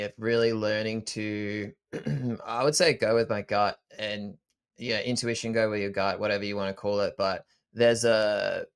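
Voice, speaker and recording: Low-voiced man, thoughtful podcast host. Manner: thoughtful, self-correcting, calm. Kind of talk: reflective conversational chat.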